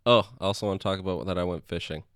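A man co-hosting a comedy podcast, tossing out laid-back, deadpan quips. His delivery stays unhurried. The recording is dry and close. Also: deep voice, clear, resonant tone, no room sound. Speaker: podcast co-host. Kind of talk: casual comedic chat.

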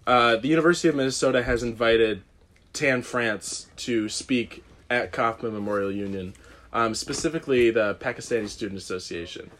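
A man's voice: mid-range voice, normal speed, a bit bright, slight background noise. A young man casually telling a rambling, self-deprecating story on a podcast, often laughing. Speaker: guest.

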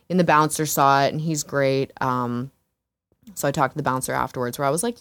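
A woman's voice: a bass voice, fairly quick, a bit bright, clear, resonant tone, dry recording. A woman who works as an exotic dancer, telling a story frankly and casually, swearing, laughing often and filling with "like" and "you know". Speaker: exotic dancer, interview guest.

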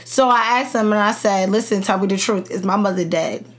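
A woman's voice: medium pitch, a little fast. A woman, a podcast guest, telling a personal story in casual chat and acting out the lines of the people in it. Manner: animated retelling, acts out quoted dialogue.

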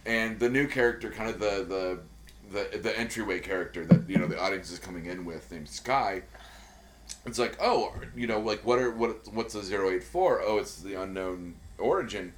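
A man's voice: fairly low pitch, normal speed, slight background noise. A man co-hosting a podcast, chatting casually in a rambling, profane, enthusiastic way with many fillers. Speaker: podcast co-host. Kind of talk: casual chat.

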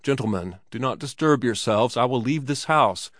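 A man voicing a frightened, agitated Swedish guest who quavers, pleads and shouts, in a story reading. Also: mid-range voice, animated, moderate pace, no room sound, clean studio sound. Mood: terrified.

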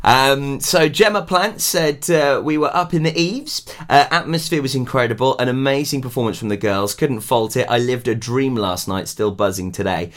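A man's voice: medium pitch, moderate pace, few pauses. A man presenting a breakfast radio show from Wales in casual chat, laughing often and reading out listener messages.

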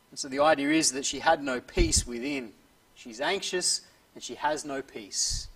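Man preaching a sermon, kinda husky, earnest, fades soft at line ends. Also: a little high, distant mic, low-quality recording. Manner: earnest, drops softly at phrase ends. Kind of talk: expository sermon.

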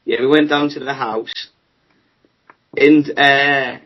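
A man's voice: medium pitch, steady tone, slow pace, dull audio. A teenage boy around fifteen, casually telling a rambling story to friends on a podcast. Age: teenager, about fifteen. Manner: rambling, storytelling, laughs at himself. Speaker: podcast co-host telling stories. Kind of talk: casual chat among friends.

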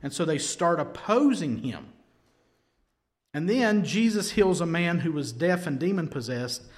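A man preaching a sermon, retelling scripture with lively storytelling and acted-out quotes. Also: a little high, a little slow. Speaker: pastor.

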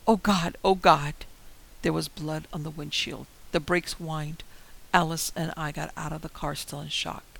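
A man's voice: fairly high pitch, flat delivery, moderate pace, vocal fry, fairly bright tone, rough recording. A man telling a first-person horror story in a dramatic, tense manner. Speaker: narrator.

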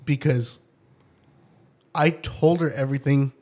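A young man with a mid-range voice chatting easily with a friend. He is relaxed and often trips over the start of his sentences. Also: mid-range voice, takes it slowly. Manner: laid-back, stammering restarts, laughs often. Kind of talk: casual chat.

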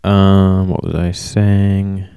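A man talking alone in a casual, rambling monologue, flat and self-described as monotone, often stopping to correct himself. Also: low-pitched, extremely slow, vocal fry, clear, resonant tone, dry recording, clean studio sound. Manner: casual, swears. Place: warm indoor room.

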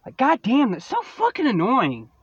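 A man's voice: extremely high pitch, wildly swooping pitch, normal speed, muffled recording, background noise. Profane, fed-up man venting. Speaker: podcast host. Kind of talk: angry solo podcast rant.

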